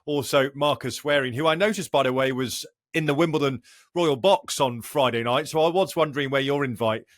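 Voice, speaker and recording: A man's voice: medium pitch, a little fast, dry recording. A man hosts a podcast, asking his guest friendly leading questions. His voice sits in a mid range and sounds close and dry, with no room around it. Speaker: podcast host. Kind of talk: casual podcast interview.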